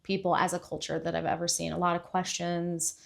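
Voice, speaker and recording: A woman from Puerto Rico, a podcast guest in casual chat, telling stories with lively jumps into acted-out voices. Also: a little fast, vocal fry. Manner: animated, acts out voices with big pitch jumps.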